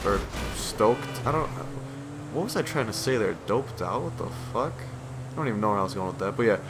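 A man's voice: mid-range voice, animated, a little fast, music in the background. A man giving casual gameplay commentary, rambling, swearing and self-deprecating, sounding tired and yawning.

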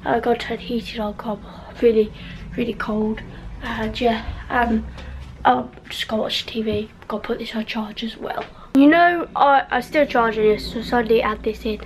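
Female vlogger, UK, casual rambling chat, slightly high pitch, faint noise. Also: fairly even intonation, normal speed, low-quality recording. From United Kingdom. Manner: rambling, lots of fillers and trailing off. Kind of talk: casual vlog talk. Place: home bedroom, indoors.

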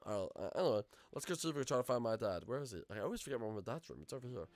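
Excitable gaming YouTuber, rambling role-play narration, animated pitch. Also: male voice, very fast, dry recording. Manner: excitable, rambling, lots of fillers.

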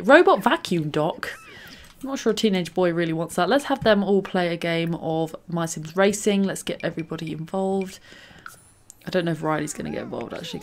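Young woman, gaming commentary, animated rise and fall, giggly, cooing, faint background hiss. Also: medium pitch. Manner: chatty, giggly, cooing over cute moments. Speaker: gaming channel host. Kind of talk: casual game commentary.

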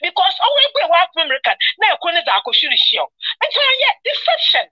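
High-voiced, lively woman host. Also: quick pace, dull audio. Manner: emphatic, preachy, quoting scripture. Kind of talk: moralizing advice talk on radio.

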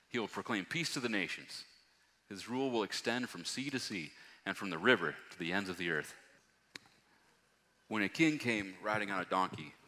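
Male pastor, low voice, bright edge, scripture reading, long church-hall reverb. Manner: reads scripture aloud, rising to loud emphatic passages. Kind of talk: sermon.

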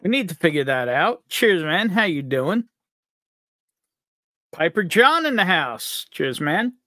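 A cheerful man from upstate New York hosts a live stream, joking around as he greets viewers. His voice sits a touch high and swings up and down with lots of life. The sound is dry, with no room echo. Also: very animated, a little slow, bright, forceful tone. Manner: upbeat, jokey, reads out chat names. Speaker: livestream host.

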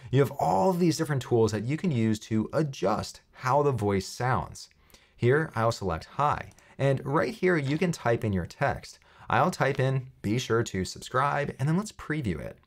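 A man hosting a software tutorial, walking through steps in an upbeat, explaining way with light jokes. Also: medium pitch, animated, a little slow, creaky. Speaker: tutorial host.

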